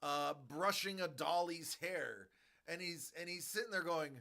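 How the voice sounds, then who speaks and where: A man in his forties, a stream host, ranting in a rambling, animated way about a movie in casual chat. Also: fairly high pitch, a little slow, gravelly.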